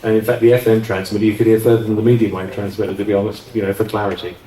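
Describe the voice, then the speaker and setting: A former offshore radio DJ, interviewed on stage, reminisces casually in a lowish, level voice that's very fast and mellow. He rambles chattily and keeps restarting his sentences, with roomy sound from a distant mic.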